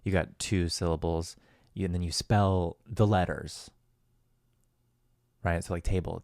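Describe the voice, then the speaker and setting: A man's voice: low-pitched, unhurried, dark tone, dry recording, clean studio sound. A man hosting a solo podcast, talking in a loose, rambling, profane and self-deprecating way. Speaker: podcast host. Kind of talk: casual solo podcast monologue.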